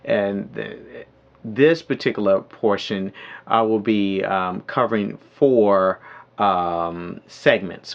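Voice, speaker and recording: A man giving a spoken training lesson on calling sales leads, pausing often with ums and restarts, sometimes acting out phone calls. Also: fairly low pitch, vocal fry. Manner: hesitant with many ums, then lively role-play of phone calls. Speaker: network marketing trainer. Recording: dull lo-fi audio.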